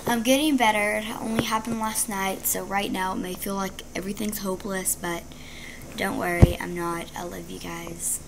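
A woman's voice: mid-range voice, fairly even intonation, normal speed, gravelly. Chatty female vlogger, noisy recording. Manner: chatty and dramatic, with bursts of whispering. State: injured ankle. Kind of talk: casual storytelling to camera.

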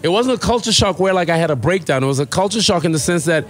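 Relaxed man with a mid-Atlantic accent. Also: sits high, fast talker. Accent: mid-Atlantic mix of American and South African. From born in South Africa, raised in the US. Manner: relaxed, rambling storyteller with many fillers. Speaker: podcast guest. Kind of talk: casual interview chat. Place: podcast studio.

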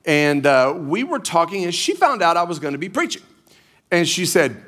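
A middle-aged man gives a sermon from a church stage. His delivery is folksy and humorous, and his pitch rises and falls a great deal, sitting slightly high. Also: moderate pace. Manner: animated storytelling, folksy and humorous. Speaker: pastor.

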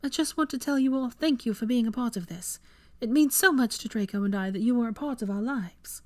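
A reader putting on a grateful young woman, voice lifted high. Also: brisk, a little mellow, lightly acted.

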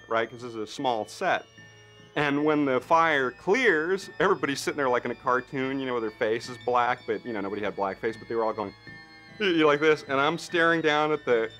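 A man in an interview, a special effects artist telling a behind-the-scenes story with lots of fillers and acted-out voices. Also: medium pitch. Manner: animated storyteller, acts out others' lines with lots of fillers. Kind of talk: anecdotal interview.

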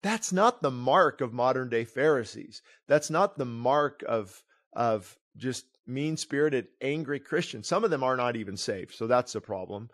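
A man's voice: mid-range voice, expressive, unhurried, fairly bright tone. A middle-aged pastor preaching his own book aloud, earnest and digressive, often breaking off and restarting his sentences. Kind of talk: sermon reading of his book with commentary.

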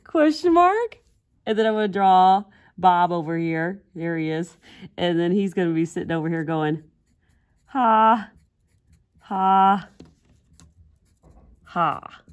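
A woman's voice: lowish voice, fairly even intonation, moderate pace, darkish tone, clean tone. A woman art teacher giving a casual drawing demonstration, chatty and giggling at her own jokes.

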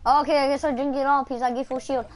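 A woman from Texas chatting casually while gaming, excitable and trash-talking with quick callouts. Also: high-pitched, background noise. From Dallas, Texas. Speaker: gamer.

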